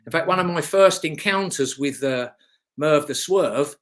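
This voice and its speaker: Speaking at a measured pace, a middle-aged ex-motocross racer shares chatty, meandering anecdotes as a guest in an interview. His pitch sits fairly high with a slightly bright quality, and he keeps restarting his thoughts and chuckling.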